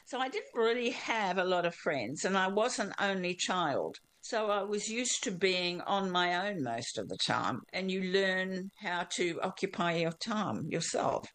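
A woman's voice: mid-range voice, expressive, a little slow, few pauses, fairly bright tone. An older woman with a mixed Australian and South African accent, telling her life story as an interview guest.

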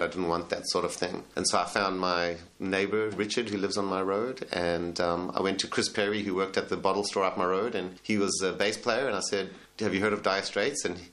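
A man's voice: sits low, fairly bright tone. A man, a band leader answering interview questions in a hesitant way, with many fillers and restarts. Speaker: tribute band leader and singer.

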